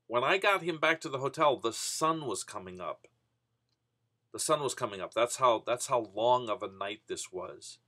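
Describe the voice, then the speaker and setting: A man's voice: mid-range voice, bright, forceful tone. A man casually telling a rambling personal story, full of "you know" and restarts. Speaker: vending business vlogger.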